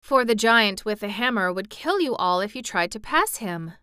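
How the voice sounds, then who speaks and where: A woman's voice: medium pitch, expressive, moderate pace, pushed and bright, smooth, no echo, studio quality. Woman voicing a stern tin commander. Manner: firm, commanding. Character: stern tin soldier-commander, firm and scolding.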